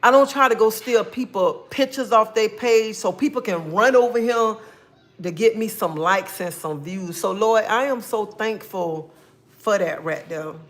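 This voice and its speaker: A woman with a medium-pitched, unhurried voice hosts her own livestream. She greets viewers by name and talks casually about faith and her life.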